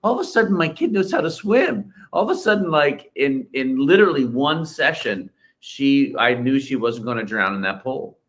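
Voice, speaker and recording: A man's voice: mid-range voice, animated, moderate pace, hardly any pauses, fairly bright tone. A man guest on a podcast, telling a family story in an earnest way and acting out quoted lines. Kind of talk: casual chat.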